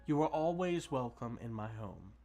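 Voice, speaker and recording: Guy doing a gentle kind older lady judge, low and soft, quiet. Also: lively intonation, normal speed, soft background music, close to an everyday voice. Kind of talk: storybook read-aloud.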